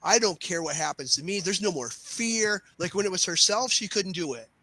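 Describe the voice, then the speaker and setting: A man's voice: sits high, normal speed, dry recording, low-quality recording. A man who teaches martial arts, chatting casually on a podcast and telling stories with the dialogue acted out. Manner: lively storyteller who acts out dialogue.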